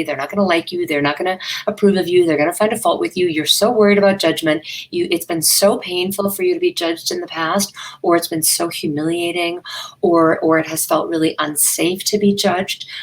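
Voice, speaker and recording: A woman's voice: fairly low pitch, low-quality recording. A woman business coach, a guest in a live online interview, speaking earnestly and emphatically. She repeats phrases for effect and tells candid, self-deprecating stories.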